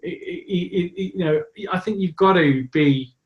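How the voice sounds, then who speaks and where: A man's voice: high voice, normal speed, muffled recording. A man hosting a casual interview, talking enthusiastically and rambling with many restarts. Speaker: host. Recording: roomy echo.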